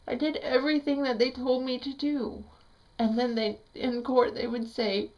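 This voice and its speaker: A middle-aged woman vlogging a painful personal story, her speech halting and raw, with restarts and the odd curse. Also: high voice, level tone, muffled recording. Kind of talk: emotional personal story vlog.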